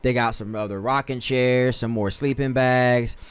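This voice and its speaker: A man talks through a life-sim game on a live stream in an easygoing, slangy way. He trips over words and fixes them as he goes, and his voice sits at an ordinary, mid-range pitch. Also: steady tone, moderate pace, clear, resonant tone. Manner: laid-back, slangy, corrects himself often. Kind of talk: casual gameplay commentary.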